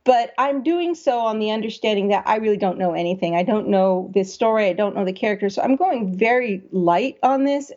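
A woman's voice: a little high, darkish tone, lo-fi sound. Woman thinking aloud while editing. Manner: conversational, asks herself questions. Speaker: writing editor.

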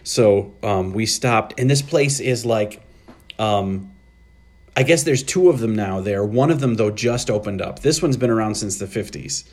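A man co-hosting a podcast, chatting casually in a halting, rambling way with many restarts. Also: on the low side, a little mellow. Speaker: podcast co-host. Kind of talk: casual chat.

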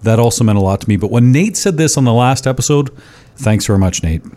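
A man in his forties from Canada hosting a podcast interview, with a smooth radio announcer delivery. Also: medium pitch, lively intonation, fast, warm tone. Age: 40s. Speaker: podcast host.

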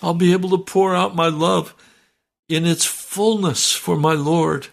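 Slow, gravelly male preacher. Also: on the high side, fairly even intonation, slight background noise. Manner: fervent, slow and emotional, reading scripture aloud. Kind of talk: sermon.

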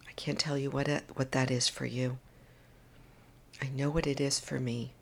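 A woman hosting a solo podcast monologue into a microphone, earnest and emotional, often dropping into a soft whisper. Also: extremely low pitch, level tone, moderate pace, creaky, pauses often. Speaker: podcast host. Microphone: studio microphone.

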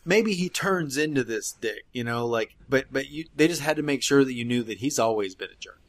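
A man's voice: medium pitch, expressive, fairly quick, no echo. A man co-hosting a casual chat, adding wry joking asides. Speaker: podcast co-host.

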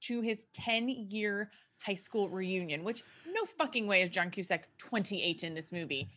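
A woman's voice: medium pitch, animated, measured pace, fairly bright tone, slight background noise. Joking young woman co-hosting a film podcast. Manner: joking, talky, summarizes the plot with asides. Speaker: podcast co-host. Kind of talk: casual film podcast chat.

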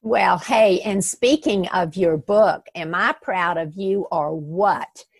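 Slow, husky-voiced podcast host from the South, warmly gushing, dry close sound. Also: female voice, fairly low pitch, dry recording. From American South. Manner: effusive, affectionate. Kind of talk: podcast interview.

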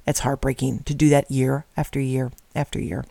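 A woman's voice: rumbling low, flat delivery, normal speed, creaky, dark tone, no echo. A middle-aged woman earnestly telling a personal story, acting out the dialogue as she goes. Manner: earnest, emotional, with quoted dialogue. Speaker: speaker telling her story.

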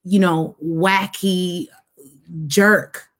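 A woman's voice: lowish voice, steady tone, very slow. A woman guest telling a personal story with animation, acting out voices and dialogue as she goes.

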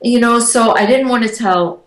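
A woman, an interview guest, telling personal stories in a casual, animated way and acting out the voices of the people she quotes. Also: a little high, normal speed. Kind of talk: casual storytelling. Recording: echoey room.

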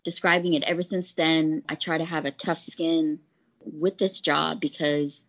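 A chatty pharmaceutical sales rep tells work stories in an interview, her voice sitting low and unhurried. She retells events animatedly, putting on voices for quotes, over slightly dull lo-fi audio.

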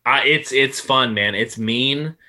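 A man's voice: medium pitch, takes it slowly, bright, forceful tone. A man co-hosting a podcast, talking loosely with swearing and lots of fillers. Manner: loose and profane, many fillers. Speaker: podcast co-host. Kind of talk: casual chat.

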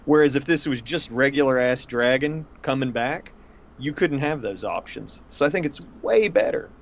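A man co-hosting a casual podcast, excitable and enthusiastic, swearing freely. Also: mid-range voice, normal speed. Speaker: podcast co-host. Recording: dull lo-fi sound.

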